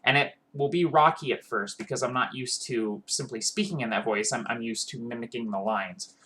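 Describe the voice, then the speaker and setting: A man's voice: mid-range voice, moderate pace, fairly bright tone. A man gives casual tips on tabletop role-playing. He speaks earnestly and loosely, with frequent fillers and restarts. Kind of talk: casual advice monologue.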